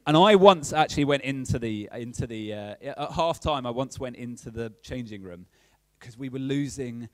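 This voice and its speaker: A man's voice: mid-range voice, normal speed, no room sound. A man giving a casual, conversational sermon as a preacher, often checking in with his listeners. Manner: chatty, checks in with "okay?" often.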